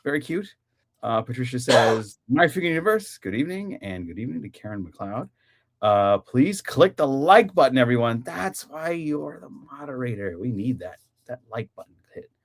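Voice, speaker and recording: A man hosts a casual live-stream show, his pitch leaping around as he giggles through chat comments. His voice sits at a middle height, playful and loose. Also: normal speed. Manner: animated, giggly, reads chat comments aloud. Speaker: podcast host.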